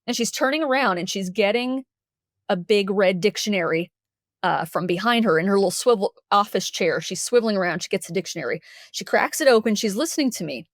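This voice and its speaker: A woman from Texas, a podcast guest, telling a personal story candidly and lively, acting out what people said. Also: medium pitch, fairly quick, no echo, clean studio sound. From Dallas, Texas. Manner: candid, animated, acts out the quotes.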